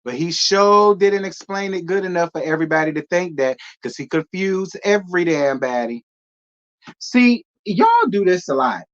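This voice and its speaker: A man with a fairly high voice hosts a casual reaction commentary. He talks bluntly, rambles and swears freely. The audio is dull and lo-fi. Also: animated, moderate pace. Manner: blunt, rambling, profane, with slang. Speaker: commentary host.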